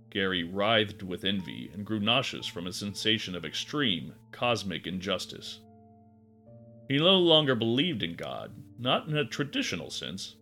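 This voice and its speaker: A man reads a dark story aloud in a measured, expressive way. His voice is bright and fairly low, and his intonation moves a lot. Faint instrumental music plays beneath him. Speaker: narrator. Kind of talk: dramatic audiobook narration.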